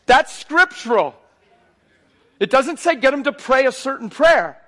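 A man preaching a sermon, animated and swinging between quiet asides and near shouts. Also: very high-pitched, unhurried.

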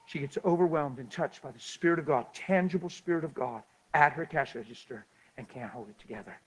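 A man preaching a sermon and telling a story, swinging between loud excitement and hushed, soft passages. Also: a little high, brisk, slightly rough, poor audio.

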